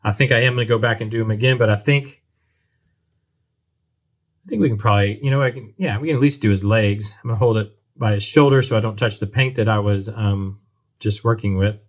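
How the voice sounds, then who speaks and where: A man with a fairly low voice narrates his model kit painting at the workbench. He talks in a relaxed, thinking-aloud way, full of ums and restarts. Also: fairly quick. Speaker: hobby model builder. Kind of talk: casual build tutorial talk. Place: workbench at home.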